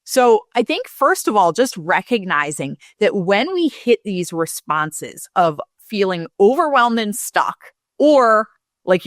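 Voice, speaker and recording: A woman talks in a casual, candid way, like a coaching podcast host. She tells a story with animated ups and downs and loose fillers, in a mid-range voice. The sound is close and dry, with no room around her. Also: mid-range voice, dry recording. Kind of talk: casual solo talk, coaching tone.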